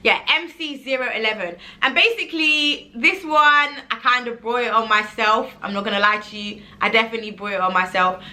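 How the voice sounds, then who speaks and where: A young woman telling a casual vlog story, animated and expressive, acting out what she said and using "like" often. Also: fairly high pitch, brisk, hardly any pauses. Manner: animated, acts out her own quoted pleas, says like a lot. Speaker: online seller and vlogger.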